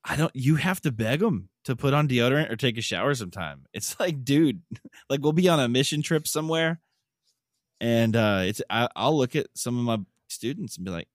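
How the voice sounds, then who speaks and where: A middle-aged man co-hosting a podcast, talking in an animated way with quick laughs and restarts. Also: mid-range voice, dry recording, studio quality. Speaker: podcast co-host. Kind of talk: casual chat.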